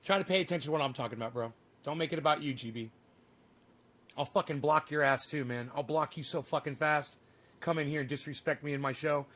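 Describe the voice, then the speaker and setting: A man's voice: a little high, fast talker, fairly bright tone. A man ranting profanely and combatively at his livestream chat. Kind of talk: casual livestream rant.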